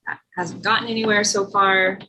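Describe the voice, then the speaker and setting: A woman telling a class about her work, speaking hesitantly with many pauses and "um"s. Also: mid-range voice, fairly even intonation, sharp tone, a little hiss or hum, low-quality recording. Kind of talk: casual chat.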